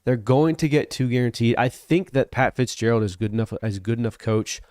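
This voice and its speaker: A man's voice: mid-range voice, fairly quick, a little mellow, no room sound, clean studio sound. A man co-hosting a casual sports talk show, confident and analytical. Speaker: co-host.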